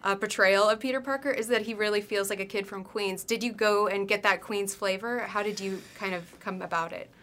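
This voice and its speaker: A woman's voice: medium pitch, steady tone, a little fast, few pauses, fairly bright tone. Bubbly woman interview host. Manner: enthusiastic and bubbly, laughs often. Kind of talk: entertainment press interview.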